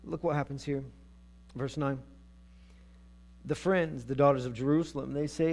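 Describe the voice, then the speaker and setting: Male pastor with a high voice, delivering a dramatic sermon that swings between loud and hushed. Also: moderate pace, gravelly, long pauses.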